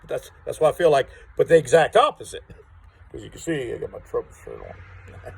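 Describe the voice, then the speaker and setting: A man's voice: medium pitch, lively intonation, normal speed, gravelly, breathy edge, low-quality recording. A man telling a rambling story to camera outdoors, repeating words and acting out what others said. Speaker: vlogger. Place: outdoors on rural property.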